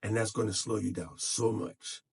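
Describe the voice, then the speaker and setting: A man's voice: on the low side, moderate pace, vocal fry, darkish tone, slightly rough. A man talking casually to camera, encouraging other podcasters in a tired voice, recorded on his phone. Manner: encouraging, motivational, loose and unscripted.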